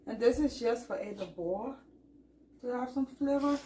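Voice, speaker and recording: A woman's voice: on the high side, moderate pace, mellow, a little hiss or hum. A woman chatting casually as she cooks in her home kitchen, naming each step as she goes. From Liberia. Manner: chatty, narrates each step while cooking. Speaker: cooking vlogger. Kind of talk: casual cooking chat.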